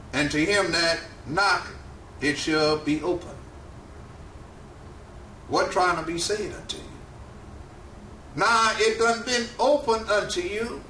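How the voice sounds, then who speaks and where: In a roomy, echoing space, a man with a high, bright voice preaches a sermon deliberately and slowly, his cadence rising and falling for emphasis. The mic is distant, and faint ambience plus slight background noise sit behind him.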